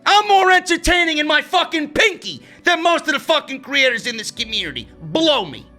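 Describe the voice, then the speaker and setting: A man's voice: very high-pitched, animated, a little fast, pushed and bright. Brash, profane New man ranting. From New York. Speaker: wrestling show reviewer, podcast host. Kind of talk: livestream rant, casual chat. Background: faint music.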